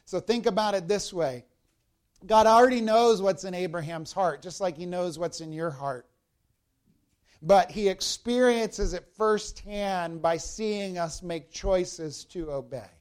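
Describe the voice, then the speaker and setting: A man's voice: sits high, unhurried, clean tone. A man preaching a sermon as a pastor, explaining a Bible passage verse by verse and speaking directly to the congregation.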